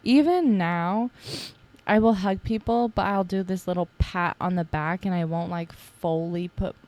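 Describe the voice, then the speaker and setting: A woman's voice: lowish voice, measured pace, a little mellow. A young adult woman hosting a casual solo podcast, talking in a chatty, playful way with teasing asides and lots of fillers. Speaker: podcast host.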